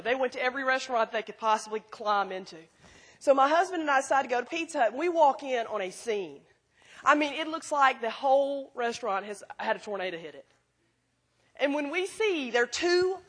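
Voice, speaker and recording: A middle-aged woman giving an animated, folksy sermon, telling stories to a school audience. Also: on the high side, breathy edge. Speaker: speaker at a school chapel. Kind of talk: sermon with storytelling.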